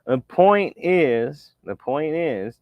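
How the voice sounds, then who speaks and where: A man rants in a slow, unhurried drawl, swearing and sneering as he comments on screenshots. His voice is smooth and resonant. The recording is dry and a bit dull, with a lo-fi edge. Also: a little high, sing-song, dry recording. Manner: profane, scornful ranting. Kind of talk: ranting commentary over screenshots.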